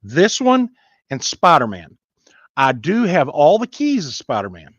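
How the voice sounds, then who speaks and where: A man's voice: a little high, wildly swooping pitch, unhurried, fairly bright tone, dry recording. A man chatting casually on a live stream, rambling in a folksy way as he talks to viewers. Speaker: comic book collector hosting a live stream. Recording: dull lo-fi dry sound.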